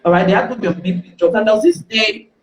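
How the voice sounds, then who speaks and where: A woman with a Nigerian accent, a guest on a live stream, tells candid stories in a lively way and acts out their dialogue. Her mid-range voice races along with a little hiss or hum, in a roomy, echoing recording.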